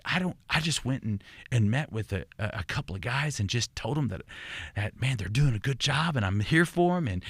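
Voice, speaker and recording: Earnest older Texan pastor, dry close sound. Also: male voice, lowish voice, a bit bright, no room sound. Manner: earnest, reflective, with many restarts and repeated words. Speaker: pastor, podcast guest. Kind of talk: conversational storytelling.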